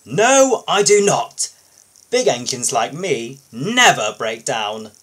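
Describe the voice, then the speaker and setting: A man's voice: mid-range voice, sing-song, a little slow, a bit bright, breathy edge, exaggerated voice. A man doing a sneering, boastful steam engine.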